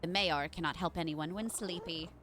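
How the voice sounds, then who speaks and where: A woman voicing a lazy, pompous cat mayor who speaks in slow, lofty, drowsy proclamations. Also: lowish voice, heavy background noise, voice pushed down, lightly acted.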